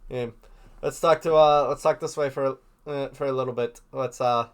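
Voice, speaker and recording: A man putting on a mock Swedish accent to voice a calm male goalie coaching himself back into focus. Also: mid-range voice, moderate pace, close to an everyday voice. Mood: coaxing. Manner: soft, coaxing self-talk.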